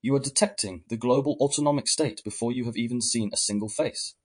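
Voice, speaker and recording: Male narrator, husky, mid-pitched, calm second-person guided narration. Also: quick pace.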